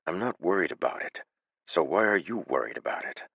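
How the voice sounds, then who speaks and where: A man voicing a calm, unflappable male adventurer leader who speaks flatly and matter-of-factly. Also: deep voice, fairly quick, creaky, slightly rough, dry recording, lo-fi sound, heavily acted. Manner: calm, flat, matter-of-fact.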